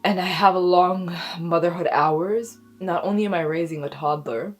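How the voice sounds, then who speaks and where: A woman's voice: on the low side, faint music behind. Emotional young woman vlogging. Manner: emotional, talks slowly, near tears. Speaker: vlogger, expecting mother. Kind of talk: casual storytelling to camera.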